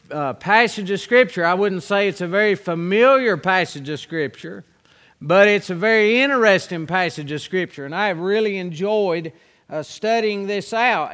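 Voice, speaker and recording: A man preaching as pastor, reading scripture and then teaching in an earnest, drawn-out way. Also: high-pitched, a bit bright, big-room sound.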